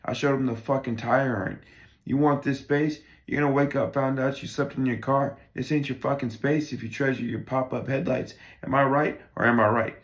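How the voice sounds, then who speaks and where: A man's voice: mid-range voice, natural voice. A man cold-reading a play, playing a crude, belligerent working-class man who rambles and swears constantly. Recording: roomy echo.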